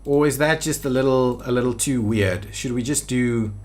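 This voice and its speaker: Male let's-player, mid-pitched, casual think-aloud commentary with frequent false starts. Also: moderate pace, darkish tone. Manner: thinking aloud, hesitant restarts while building. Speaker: city-builder video creator. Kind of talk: gameplay commentary.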